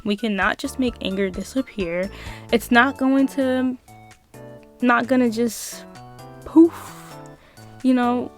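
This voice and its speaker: A woman's voice: a little high, fairly even intonation, a little slow, faint music behind. A young adult woman vlogging a passionate motivational monologue, emphatic and repetitive, with casual swearing.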